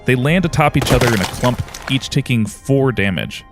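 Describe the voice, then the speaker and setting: A man's voice: medium pitch, animated, moderate pace, music in the background. A man narrating a tabletop game as game master, describing the combat in dramatic detail.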